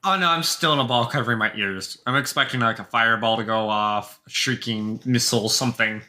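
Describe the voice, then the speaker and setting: A young man at a tabletop game with a very bright, sharp voice. He jokes around playfully with the table. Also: mid-range voice, brisk. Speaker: player. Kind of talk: casual chat at a tabletop game.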